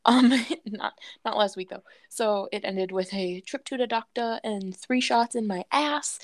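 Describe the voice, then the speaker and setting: A woman's voice: medium pitch, dry recording, studio quality. A woman co-hosting a podcast in casual chat, chatty and laughing often, swearing freely. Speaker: podcast co-host.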